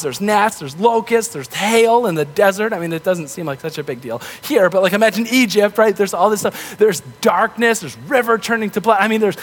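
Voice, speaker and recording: A man preaching a sermon in a relaxed, conversational way, acting out the voices of the people in the story. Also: high-pitched, slightly rough. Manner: conversational, animated, acts out grumbling voices. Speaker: pastor. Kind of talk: casual sermon.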